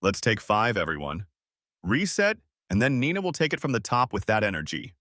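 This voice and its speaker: A man voicing a male film director who speaks gently and in measured tones over hidden nerves. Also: on the low side, wildly swooping pitch, no room sound, studio quality.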